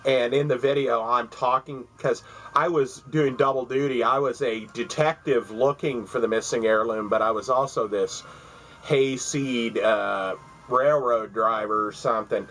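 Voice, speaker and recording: A man of middle pitch talks casually at home beside his computer. He rambles, circling back with fillers and false starts as he shows gifts to the camera. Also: steady tone, measured pace, fairly bright tone, slight background noise, low-quality recording. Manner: rambling, with many fillers and restarts. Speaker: vlogger showing gifts. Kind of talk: casual chat.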